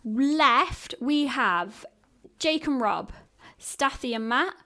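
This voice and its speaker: A woman's voice: high voice, lively intonation, drawn-out words, sharp tone. Dry podcast woman. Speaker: podcast co-host. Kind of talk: casual podcast chat.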